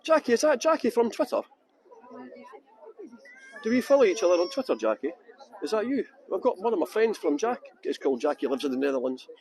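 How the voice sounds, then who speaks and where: A man's voice: high-pitched, a little mellow, poor audio. A middle-aged Scottish man guiding a live-streamed tour outdoors, chatting and joking as he greets viewers by name. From Scotland. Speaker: tour guide.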